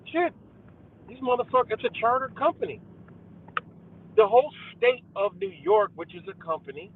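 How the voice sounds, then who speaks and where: A young man hosting a live stream, ranting heatedly and profanely to his viewers about conspiracies, calling them guys. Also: high voice. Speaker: livestream host. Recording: tinny phone-like audio with faint car noise.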